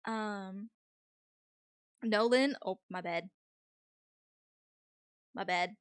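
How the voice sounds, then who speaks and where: A young woman streamer with an American accent that has a faint Vietnamese tinge, chatting casually with viewers, easygoing and quick to laugh. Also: medium pitch, smooth, dry recording, studio quality. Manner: easygoing, chatty, laughs often, many ums. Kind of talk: casual chat reading viewer messages.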